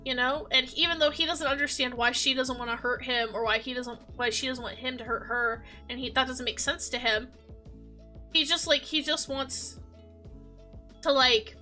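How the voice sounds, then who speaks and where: A young woman, a video creator, chatting casually in an animated, emotional way and laughing often. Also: sits high. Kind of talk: casual chat.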